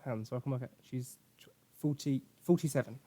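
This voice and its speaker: A man's voice: mid-range voice, fast, mellow. Chatty Essex man on a podcast. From England. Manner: chatty, swearing, jokey storytelling. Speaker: podcast host. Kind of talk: casual chat.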